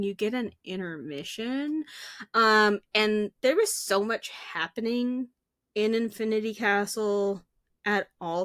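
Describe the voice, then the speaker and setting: A woman co-hosting a casual podcast, talking in a loose, chatty way full of fillers. Her voice sits at an ordinary middle pitch. The sound is dry and close, with no room around it. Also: dry recording. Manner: chatty and animated, with many fillers. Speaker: podcast co-host.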